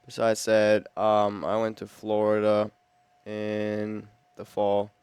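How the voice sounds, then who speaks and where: A young exchange student from Germany, a native German speaker, relaxed and recounting trips with fillers. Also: male voice, fairly low pitch, slow pace, clear, resonant tone, dry recording. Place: school TV studio.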